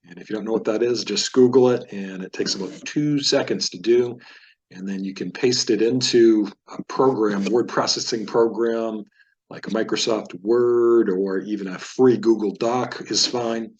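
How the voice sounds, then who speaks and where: Guy w a lowish voice walking thru hebrew stress marks, patient, drags words out slow to show how they sound. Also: steady tone, darkish tone, highs cut off. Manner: patient, explanatory, stretches words slowly to model pronunciation. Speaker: Hebrew teacher. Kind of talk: screen-share lesson.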